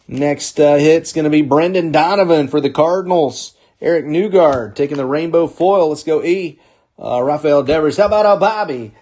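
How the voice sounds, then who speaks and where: A man's voice: a little high, a little mellow, a little hiss or hum. Upbeat man calling out card pulls. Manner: upbeat, calls out names in quick bursts, chuckles often. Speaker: sports card break host. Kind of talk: live card-opening commentary.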